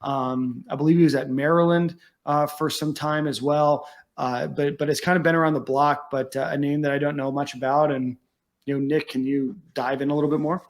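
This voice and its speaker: A man hosts a casual sports podcast with a somewhat higher voice than most men. He talks in a relaxed way, filling gaps with little fillers as he moves from one topic to the next. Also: fairly quick. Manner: relaxed, steers the talk, many fillers. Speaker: podcast host.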